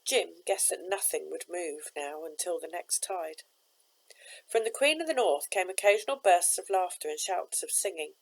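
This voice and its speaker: A woman, a teacher, reading a children's novel aloud with steady, expressive narration. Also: lowish voice, moderate pace, a little hiss or hum, low-quality recording.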